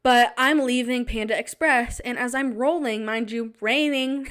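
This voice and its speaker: A young woman hosting a podcast, telling a self-mocking story in a casual, animated way with quick asides. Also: a little high, smooth. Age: young adult. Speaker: podcast host.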